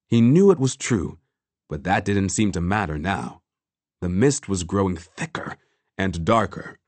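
A man narrating a work of fiction in a measured, deliberate way. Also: low voice, lively intonation, no echo. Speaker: audiobook narrator.

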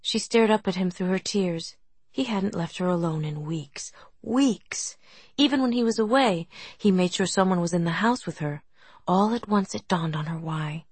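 A woman reading a novel aloud as audiobook narration, in a soft, gentle manner. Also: lowish voice, normal speed, husky, no echo. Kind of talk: scripted narration.

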